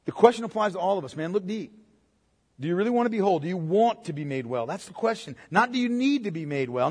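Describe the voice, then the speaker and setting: A man with a high, husky voice preaches a sermon, his pitch rising and falling in lively swings. He speaks conversationally and leans on rhetorical questions. The sound carries a long hall reverb. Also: quick pace. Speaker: pastor.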